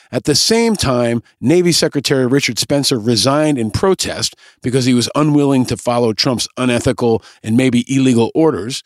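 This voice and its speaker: A man's voice: mid-range voice, dry recording, studio quality. A man hosting a podcast, delivering scripted, sarcastic and pointed political commentary. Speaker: podcast host.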